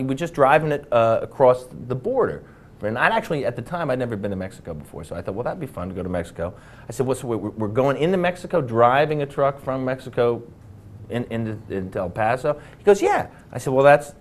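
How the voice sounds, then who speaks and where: A man telling an anecdote as a game show contestant, animated and acting out the dialogue. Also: medium pitch, fast. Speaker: celebrity contestant.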